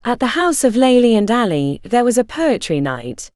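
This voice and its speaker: A woman narrating a literary story in the first person, in a measured storytelling manner. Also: fairly high pitch, very animated, darkish tone, dry recording, studio quality.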